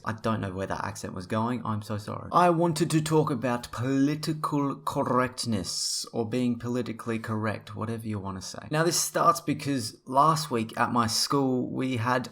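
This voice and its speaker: A man's voice: mid-range voice, brisk, hardly any pauses, a bit bright. A young man talking to camera in a casual opinion vlog, rambling and blunt, swearing freely. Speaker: vlogger.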